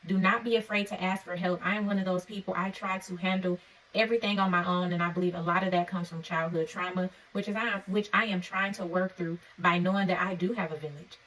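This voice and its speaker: A woman giving an encouraging faith-based talk to camera, earnest and preacherly, often checking in with her listeners with a quick "okay?". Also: fairly low pitch, steady tone, fairly bright tone, recorded from a distance, rough recording. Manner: conversational and informal. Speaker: faith vlogger. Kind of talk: encouraging devotional vlog talk.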